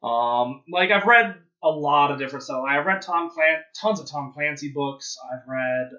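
A man co-host speaking casually, somewhat high and very lively in pitch, with a bright voice and hesitant restarts. The recording is dull and lo-fi. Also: moderate pace. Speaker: podcast co-host. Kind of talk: casual chat. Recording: dull lo-fi sound.

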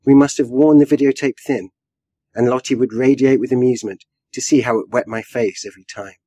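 A man, a writer, reading his own flash fiction aloud in a measured storytelling way with a dry wit. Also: mid-range voice, steady tone, dark tone, no echo. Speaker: writer and guest.

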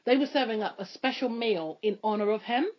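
Chatty high-voiced woman host. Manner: chatty, quick, full of fillers like "you know". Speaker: podcast host. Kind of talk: casual chat. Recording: muffled lo-fi recording.

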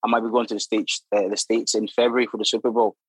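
A young man, a guest telling animated, laughing stories full of acted-out quotes. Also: on the low side, fast talker, slightly rough, no room sound, rough recording. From Democratic Republic of Congo. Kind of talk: casual storytelling.

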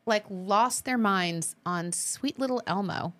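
A woman co-hosting a casual chat show, gushing and animated, who slips into bubbly voices when quoting people. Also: medium pitch, slow pace. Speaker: co-host.

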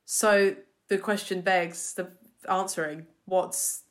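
A woman co-hosting a podcast, chatting in an animated way and often repeating words. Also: lowish voice, slow pace. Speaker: podcast co-host. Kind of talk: casual chat.

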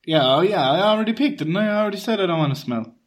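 A man's voice: high-pitched, lively intonation, racing. A man co-hosting a podcast, chatting casually with dry, teasing jokes. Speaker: podcast co-host. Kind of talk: casual chat.

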